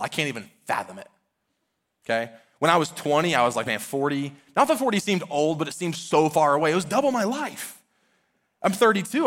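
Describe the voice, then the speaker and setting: A man's voice: on the high side, a bit bright. A man in his thirties preaching a sermon, earnest and conversational, often using casual fillers. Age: 30s. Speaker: pastor.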